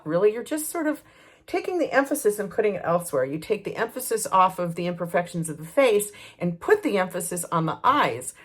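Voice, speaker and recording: A woman in her sixties chatting casually through her makeup routine, often pausing and restarting. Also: medium pitch. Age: 60s. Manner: chatty, thinking aloud with fillers and restarts. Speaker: lifestyle vlogger.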